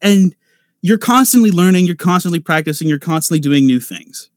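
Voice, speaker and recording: A man talking through voice-acting tips in a loose, rambling way, full of fillers and restarts. His voice sits a little higher than most men's, and the sound is dry and close. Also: lively intonation, fairly quick, no echo. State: nervous at first panel. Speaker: voice actor on a convention panel. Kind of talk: casual advice talk.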